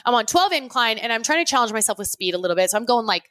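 A woman's voice: a little high, lively intonation, very fast, a bit bright, dry recording, clean studio sound. A woman co-hosting a casual podcast, telling stories animatedly and acting out quoted lines with laughs. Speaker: podcast co-host. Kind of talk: casual chat.

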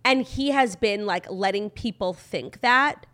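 A woman co-hosting a podcast, chatting about celebrity gossip in an animated, opinionated way and saying "like" a lot. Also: mid-range voice, measured pace. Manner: opinionated, animated, heavy use of "like". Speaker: podcast co-host. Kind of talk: casual celebrity gossip chat.

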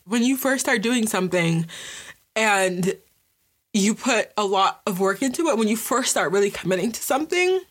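A woman's voice: medium pitch, lively intonation, moderate pace. Gushing chatty woman podcast host. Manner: gushing, emotional, says "like" and "you guys" often. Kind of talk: casual podcast chat.

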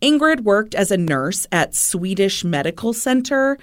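A woman's voice: medium pitch, sing-song, a little slow. A woman co-hosting a podcast, telling a true-crime story in a chatty way, with easy laughs and loose fillers. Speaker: podcast co-host.

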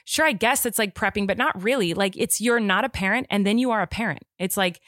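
An animated woman co-hosting a casual podcast, her voice sitting at an ordinary middle pitch. She argues her points with insistence, and the recording is dry and close. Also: no room sound. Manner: animated, argumentative, quick to insist. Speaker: podcast co-host. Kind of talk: casual chat.

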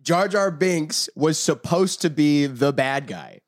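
Lively man, laughing as he rants. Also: on the high side, slow. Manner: animated, laughs while telling stories. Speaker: podcast co-host. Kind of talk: casual group chat.

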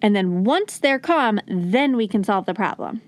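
A young adult woman teaching parents how to calm toddlers, earnest and coaching, softly acting out what to say to a child. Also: medium pitch, a little slow, no echo. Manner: earnest, coaching, acts out gentle lines to a child. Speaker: parenting educator. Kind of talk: instructional talk to parents.

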